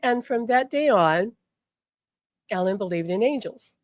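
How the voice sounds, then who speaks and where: An older woman, a spiritual teacher, tells a personal story on a live stream in a chatty, animated way, often repeating words and saying "like". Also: mid-range voice, measured pace, no echo. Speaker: spiritual healer and angel teacher.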